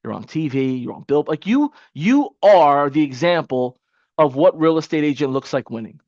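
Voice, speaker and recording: A man with a high voice leads a webinar at normal speed, coaching casually and energetically and repeating points to drive them home. There's no room sound, and the audio is dry and a little dull, like a lo-fi webcam mic.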